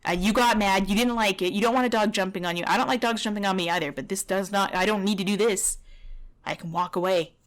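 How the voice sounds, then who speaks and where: A woman's voice: mid-range voice, fast. Heated woman critiquing a trainer. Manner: blunt, heated, swearing critique. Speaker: dog trainer reviewing a video. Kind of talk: reaction commentary.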